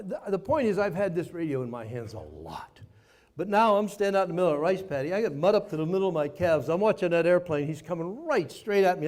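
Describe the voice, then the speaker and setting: A man's voice: fairly high pitch, darkish tone. Folksy older man telling a war story. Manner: folksy, self-mocking storyteller with dramatic pauses. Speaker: guest speaker, former Navy pilot. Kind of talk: storytelling speech to an audience. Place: party venue before a live audience.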